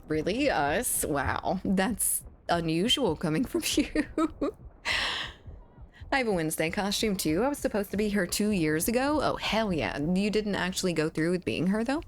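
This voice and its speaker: A woman's voice: lowish voice, slight background noise. Giggly woman streamer reading chat. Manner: chatty, giggly, reads viewer messages aloud. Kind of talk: casual chat reading live chat.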